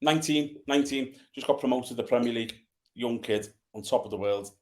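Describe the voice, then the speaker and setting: A man's voice: medium pitch, brisk, darkish tone. An English man, a former footballer, chatting on a podcast with blunt, dry humour. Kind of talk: casual chat.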